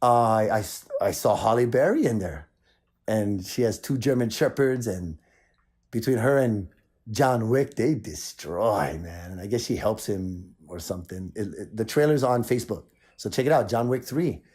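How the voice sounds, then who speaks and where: A man from Maui hosting his own show, talking in an excited, rambling way with lots of repeats. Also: lowish voice, normal speed. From Maui, Hawaii. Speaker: show host. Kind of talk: casual video chat.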